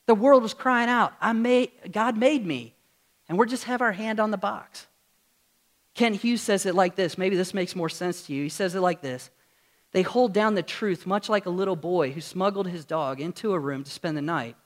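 A man's voice: sits high, moderate pace. A pastor preaching a sermon to his congregation in a church, earnest and full of rhetorical questions. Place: church sanctuary with screen.

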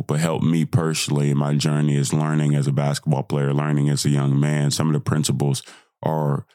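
Hoarse young man, solo podcast host, deep voice, dry close sound, swings between hyped yelling and quiet talk. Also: dry recording. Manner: excitable, swings from hyped shouting to quiet reflection. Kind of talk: casual solo podcast monologue.

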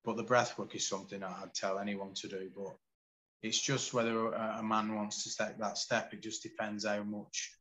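A man in his forties from the UK talks openly in an animated, casual way as a podcast guest. His voice sits fairly low. Faint background noise runs under the recording. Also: moderate pace, rough recording. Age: 40s. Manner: candid, animated storytelling with swearing. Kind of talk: casual conversation.

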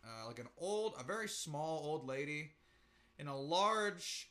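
A man co-hosting a casual podcast, telling an animated story with swearing and mocking quotes. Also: fairly high pitch, measured pace. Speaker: podcast co-host.

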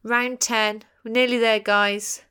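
A woman's voice: on the high side, little pitch movement, takes it slowly, pushed and bright, clean tone. Chatty woman hosting a quiz. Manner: chatty and playful, jokey asides. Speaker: podcast host. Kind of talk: reading out quiz answers.

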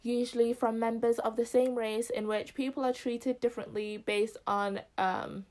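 A woman's voice: fairly high pitch, flat delivery, normal speed, darkish tone. A young woman from Zimbabwe in casual chat as a podcast co-host, talking loosely with many fillers.

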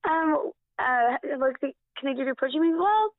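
A woman's voice: high-pitched, lively intonation, normal speed, dry recording. Emotional woman guest on a muffled line. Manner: gushing, emotional, repeats herself. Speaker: interview guest. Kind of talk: casual interview chat.

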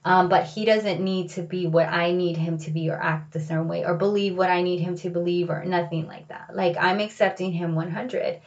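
Woman host, personal storytelling, candid and reflective, lowish voice, lo-fi sound. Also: fairly even intonation, normal speed, few pauses. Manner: candid, reflective, filler-heavy with "like" and "you know".

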